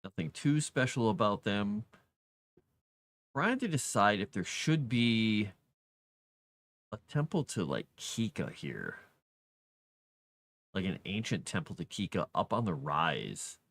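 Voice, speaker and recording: A man's voice: lowish voice, big pitch swings, slow, pauses often, a bit bright, no room sound. A man casually chatting on a live stream, talking about his world-building and reading messages from viewers. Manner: chatty, talks to his cat and reads chat.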